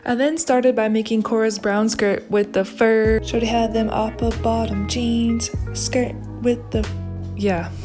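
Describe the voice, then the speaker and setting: A woman's voice: a little high, little pitch movement, unhurried, over music. A young woman narrating her sewing project in a chatty, upbeat way, with giggly asides. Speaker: sewing vlogger. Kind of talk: casual sewing vlog narration.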